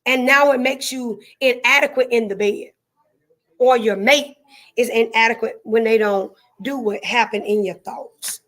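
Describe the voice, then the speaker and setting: High-voiced woman with a Southern drawl. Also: measured pace, a bit bright. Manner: folksy, repeats herself, greets viewers by name. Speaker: live stream host. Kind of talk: casual live-stream chat with viewers.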